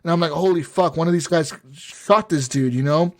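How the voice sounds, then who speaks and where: A young man co-hosting a casual gaming podcast, telling stories in an animated, profane way. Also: on the high side, normal speed. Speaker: podcast co-host.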